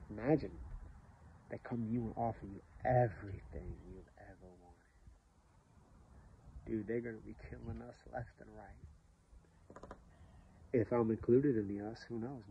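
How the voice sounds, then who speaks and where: Man host, mid pitch, animated, rambling faith talk, lo-fi audio. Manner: animated, rambling, swings between loud and hushed. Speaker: show host. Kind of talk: casual religious talk. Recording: slightly dull lo-fi audio with faint hiss.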